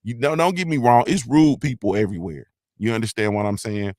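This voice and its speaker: A man's voice: mid-range voice, fairly quick, a little mellow, no room sound, studio quality. A middle-aged man from Ohio, by way of Mississippi, hosting a casual live-stream morning show, rambling loosely, repeating "you feel me," and swearing freely.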